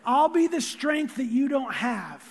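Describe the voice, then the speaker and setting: A gentle, reassuring Jesus, as a preacher puts him on, earnest and encouraging. The voice sits high for a man and carries a long reverb from a church hall. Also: very animated, measured pace, husky, full character voice.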